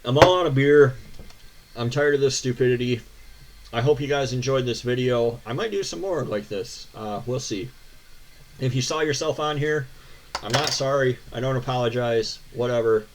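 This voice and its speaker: A man's voice: mid-range voice, normal speed, noisy background. A young American man hosting a car channel, ranting sarcastically and swearing as he reads viewer questions. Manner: profane, sarcastic, exasperated ranting. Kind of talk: ranting reaction to viewer posts.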